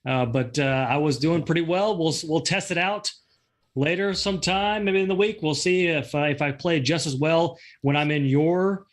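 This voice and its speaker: A man's voice: fairly high pitch, normal speed. A man hosting a casual podcast, rambling and correcting himself, laughing often. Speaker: podcast host. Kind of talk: casual chat.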